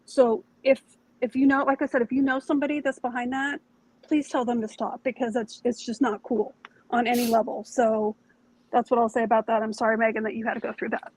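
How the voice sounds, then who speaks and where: A woman co-hosting a casual panel livestream, speaking calmly and in a conciliatory way. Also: a little high, fairly quick, poor audio. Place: home near a yard.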